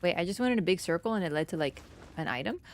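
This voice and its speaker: A woman streaming a game, chatting casually with her viewers, teasing and jumping between excited bursts and low mutters. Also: rapid-fire, no room sound. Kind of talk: casual gameplay commentary.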